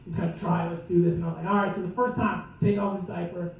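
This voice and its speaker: High-pitched guy doing stand-up, swears a lot, rambles and laughs at his own jokes, really echoey room. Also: flat delivery, quick pace, vocal fry, a little mellow. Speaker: stand-up comedian. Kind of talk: stand-up comedy set. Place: comedy club stage. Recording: echoey club from far off.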